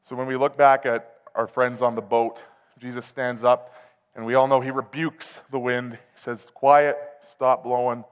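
A man preaching a sermon, telling a personal story in a candid, conversational way that swells into loud, passionate outbursts. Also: medium pitch. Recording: long hall reverb.

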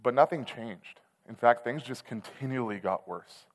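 A man preaching a sermon, telling a personal story in a candid, conversational way that swells into loud, passionate outbursts. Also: mid-range voice, normal speed. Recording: long hall reverb.

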